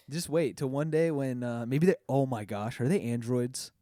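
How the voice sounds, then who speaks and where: A man's voice: mid-range voice, moderate pace, mellow, dry recording, studio quality. A man hosting a casual podcast chat, laughing often and rambling with lots of fillers. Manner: giggly, rambling with many fillers. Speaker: podcast host.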